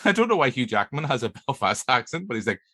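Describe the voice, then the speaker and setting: A Northern Irish man hosts a movie podcast in a loose, jokey ramble full of fillers. His voice is bright and forward. The recording is dry and close to the mic. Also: mid-range voice, sing-song, fast talker, no echo. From Northern Ireland. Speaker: podcast host. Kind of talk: casual chat.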